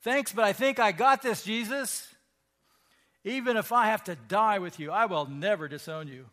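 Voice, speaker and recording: A brash, overconfident disciple, as a preacher puts him on in a sermon retelling, boasts in a defiant, pushy tone. The voice is a man's, pitched high and loud. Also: normal speed, long reverb tail.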